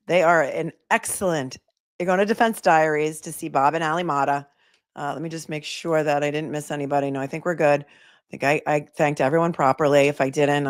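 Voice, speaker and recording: A woman attorney hosts a casual livestream, talking straight to her viewers with wry, playful asides. Her voice sits on the low side, and the sound is dry and close to the mic. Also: no echo.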